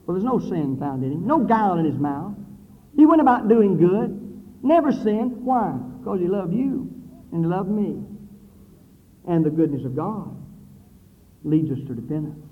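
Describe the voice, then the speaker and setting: A man preaching a sermon with dramatic swings between loud declaiming and low, hushed passages. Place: church building with brick wall. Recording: phone-like thin sound in a reverberant hall.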